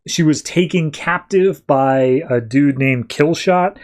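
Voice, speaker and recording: A man's voice: fairly high pitch, slow, a little mellow. A man hosting a podcast, casually and loosely retelling a comic story. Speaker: podcast host.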